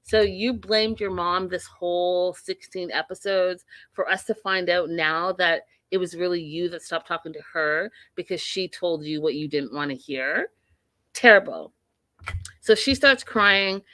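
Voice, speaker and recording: A woman hosting a live TV recap stream, giving blunt opinions and reading viewer comments aloud in a casual, animated way. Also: lowish voice, a little slow, dry recording. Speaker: host of a live TV recap show.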